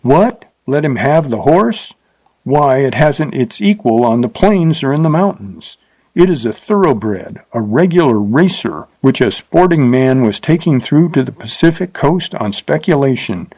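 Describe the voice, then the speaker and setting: A man voicing a bold young Texan horseman who talks in a mocking, brisk way. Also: mid-range voice, lively intonation, darkish tone, voice pushed up, low-quality recording. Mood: indignant.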